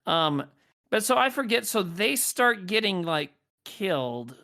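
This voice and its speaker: Man, podcast co-host, gravelly, bright tone, rambling, casual movie chat, swears freely. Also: sits high, very animated, measured pace. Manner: rambling, profane, loose and meandering.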